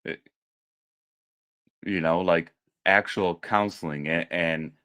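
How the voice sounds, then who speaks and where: A man co-hosting a casual podcast chat, speaking in a steady, earnest way. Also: deep voice, slow pace, clear, resonant tone. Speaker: podcast co-host.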